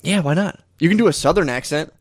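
A man's voice: fairly high pitch, fast talker. A young man in casual crude chat, rambling through stories, saying "dude" constantly and laughing often.

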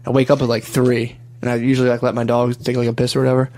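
A man's voice: mid-range voice, completely flat delivery, very fast, darkish tone. A young man in casual chat, telling rambling, profane stories and saying "dude" constantly.

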